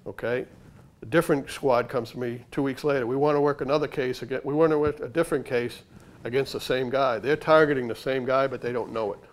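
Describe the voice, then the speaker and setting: Fast-talking with a medium pitch and fairly even intonation, an older author who once worked undercover shares stories at a library talk. His delivery is punchy and conversational.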